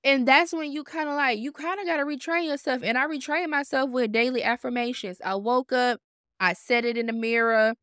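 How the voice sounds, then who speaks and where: A woman in her twenties hosting a podcast, telling her story in a blunt, profane, animated self-help monologue. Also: high-pitched, brisk, smooth, no echo, studio quality. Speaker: podcast host.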